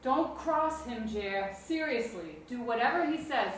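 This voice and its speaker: An actress playing a stern middle-aged woman who owns a bar and speaks quietly to her son. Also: fairly high pitch, animated, unhurried, a little hiss or hum. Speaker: bar owner and mother. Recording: echoey room, mic at a distance.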